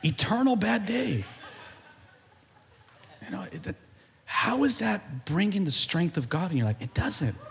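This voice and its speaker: A man delivers a sermon in a high, swooping voice that climbs to shouts. His tone is bright and sharp. A long church-hall reverb trails behind him. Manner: animated preaching, building to shouts. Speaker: pastor.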